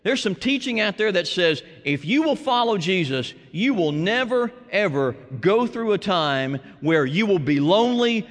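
A man preaching a sermon as a pastor, shifting from hushed, drawn-out phrases to loud, emphatic lines. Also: high-pitched, very animated. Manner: dramatic preaching, dropping to hushed tones and rising to shouts. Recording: long hall reverb.

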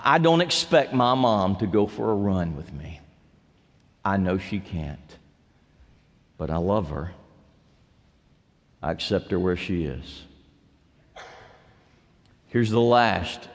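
A man preaching a sermon as pastor, swinging between loud calls and quiet, low asides. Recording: long hall reverb.

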